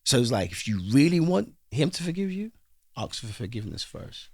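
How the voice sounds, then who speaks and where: Gravelly-voiced man telling a heartfelt story. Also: medium pitch, brisk, no echo, studio quality. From London, England. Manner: heartfelt, rising to animated bursts when emphatic. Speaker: guest. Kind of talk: emotional interview storytelling.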